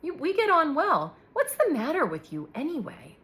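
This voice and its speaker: Blunt worldly French woman, dry delivery, lively pitch, voiced by a woman reader. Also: moderate pace, exaggerated voice.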